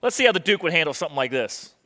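High, bright-voiced male preacher. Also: very animated, racing. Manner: emphatic, repeats key phrases. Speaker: pastor. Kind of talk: sermon.

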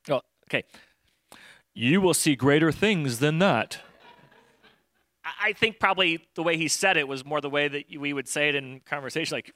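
A man's voice: on the high side, moderate pace, pushed and bright, no echo. A man preaching a conversational sermon, acting out Bible scenes in everyday modern speech. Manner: conversational, acts out Bible dialogue in modern voices. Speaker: pastor.

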